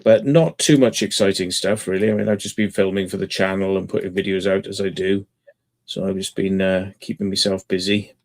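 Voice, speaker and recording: A man's voice: deep voice, fairly even intonation, fairly quick. A man who hosts a channel, chatting casually and rambling through stories with plenty of fillers. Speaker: channel host. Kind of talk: casual chat.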